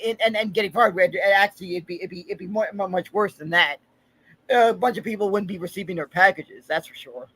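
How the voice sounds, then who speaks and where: A man co-hosting a sports podcast in quick, frustrated casual chatter. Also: high-pitched, bright, forceful tone, poor audio. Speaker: podcast co-host.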